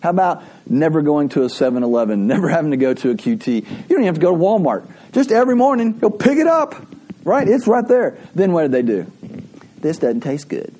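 A man preaching from the pulpit in a husky, mellow voice pitched a little high. His delivery swings up and down with lively intonation, chatty and storytelling, laughing as he goes. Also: fast. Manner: conversational, animated storytelling with frequent laughs. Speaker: pastor. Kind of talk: sermon.

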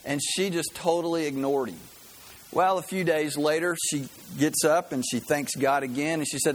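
A man's voice: a little high, moderate pace, low-quality recording. A man preaching a sermon, telling stories in a conversational way and often checking in with "right?". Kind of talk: sermon with a storytelling lesson.

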